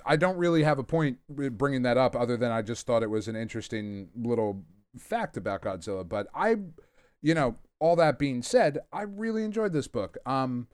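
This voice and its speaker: A man's voice: medium pitch, expressive, normal speed, a little mellow, clear, resonant tone, dry recording, clean studio sound. Casually swearing male podcast host. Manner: rambling, swears casually, self-mocking. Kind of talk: casual chat, comic book review. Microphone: podcast microphone.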